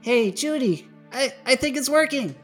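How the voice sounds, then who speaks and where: An excitable cartoon boy hero with a high, strained voice, as a man puts him on. He pushes his lines up loud and bright with a wide, lively swing. It sounds like a storybook reading of a cartoon. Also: moderate pace, soft background music. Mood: anxious, earnest.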